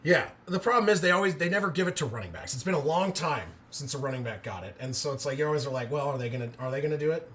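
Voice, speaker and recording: Excitable man calling football live. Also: a little high, racing, few pauses. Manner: excitable, bursts into loud cheers; chats with viewers between plays. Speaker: live play-by-play streamer. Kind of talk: amateur live play-by-play commentary.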